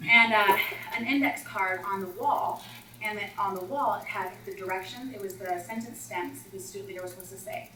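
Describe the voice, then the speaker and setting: A woman math coach talking teachers through classroom routines in a chatty, animated way, acting out scenes with students. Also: mid-range voice, a little fast, slight background noise. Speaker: math instructional coach leading a teacher workshop. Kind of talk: presenting to teachers. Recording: roomy echo, far from the mic, faint ambience.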